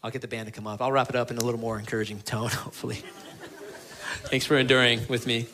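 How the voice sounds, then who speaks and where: A man preaching a sermon as pastor of his church, earnest and pleading, moving between emphatic lines and quiet ones. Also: mid-range voice, flat delivery, quick pace, noisy background.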